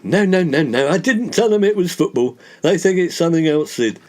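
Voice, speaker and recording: A man plays a pompous, self-important middle-aged Englishman who grumbles and blusters. His voice is a touch high for a man and leaps around with every indignant remark. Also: animated, fairly quick, heavy background noise, lightly acted.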